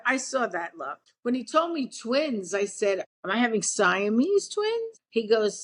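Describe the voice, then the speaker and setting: A woman's voice: a little high, very animated, a little slow, hardly any pauses. An older woman, a podcast guest telling a long story bluntly and with salty swearing. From Brooklyn, New York. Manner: brash, blunt, swears freely.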